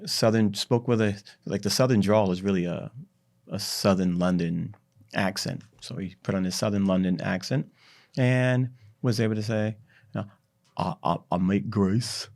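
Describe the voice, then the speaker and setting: A man guest on a podcast, telling a history story in an animated, drawn-out way. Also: fairly low pitch, vocal fry. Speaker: startup CEO, podcast guest. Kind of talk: conversational storytelling.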